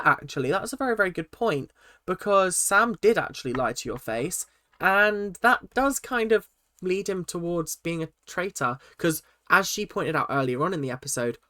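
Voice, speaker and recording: An animated, exasperated recap of a reality show from a vlogger, voice sitting in a middle register and tripping over restarts. The sound is close and completely dry, with no room at all. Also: mid-range voice, dry recording. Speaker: reaction vlogger.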